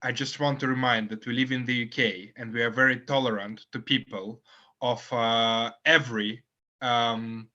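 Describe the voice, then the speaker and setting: A man's voice: medium pitch, steady tone, moderate pace, sharp tone, lo-fi sound. A man playing in a tabletop game, speaking hesitantly and searching for words. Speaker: player.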